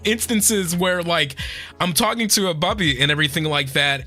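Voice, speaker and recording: A man's voice: high voice, lively intonation, fast, bright, forceful tone, faint music behind. A young man streaming casual chat, tearful and swearing a lot as he thanks his viewers.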